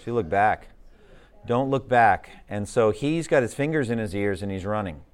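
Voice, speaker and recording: A man's voice: on the low side, lively intonation, normal speed, clean tone. A man teaching a Bible study lesson in a conversational way, often asking the class questions.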